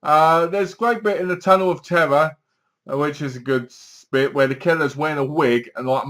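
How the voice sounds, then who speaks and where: A man casually reviewing a film, retelling the story in a rambling, animated way and acting out lines. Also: mid-range voice.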